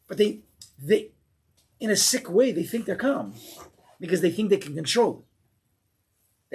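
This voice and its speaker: Teacher, male, husky voice, slightly high, lively informal Torah class delivery. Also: normal speed, pauses often. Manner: animated, mimics angry people in raised voice.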